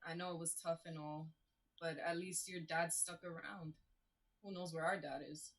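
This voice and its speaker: An actor playing a blunt, level-headed young woman who talks in a calm, matter-of-fact way during a stage play reading. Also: on the low side, normal speed, a little hiss or hum, lightly acted, poor audio.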